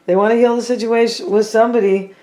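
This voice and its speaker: A tarot reader talking casually to viewers while laying out cards, thinking out loud and often saying what they feel, with playful teasing asides. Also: mid-range voice, steady tone, fast talker. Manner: chatty, thinking aloud, repeats and hedges with "I feel like".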